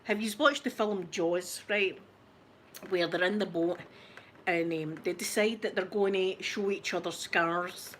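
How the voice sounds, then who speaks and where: With a fairly low pitch and a measured pace, a Scottish woman in her forties chats casually as host of an ASMR channel. She tells stories to her viewers, laughing often and poking fun at herself. A little hiss or hum is present.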